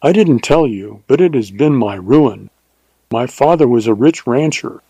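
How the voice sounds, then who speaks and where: A man's voice: medium pitch, lively intonation, unhurried, dark tone, slightly rough, no room sound. A man voicing a stern adult male ranger in a storybook Western, speaking in firm, clipped commands. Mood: coaxing.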